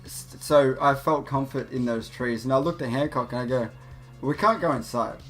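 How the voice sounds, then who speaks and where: A young man talks casually over his gameplay, cursing often and tripping over his words as he tells a story. His voice sits at an ordinary middle pitch. Faint music plays underneath. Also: steady tone, moderate pace. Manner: rambling, profane, laughing, with many restarts. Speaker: gaming channel host.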